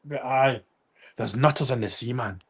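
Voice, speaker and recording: A man's voice: medium pitch, normal speed, breathy edge. A Scottish man hosting a casual livestream, rambling and swearing as he reads out viewer comments. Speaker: livestream host.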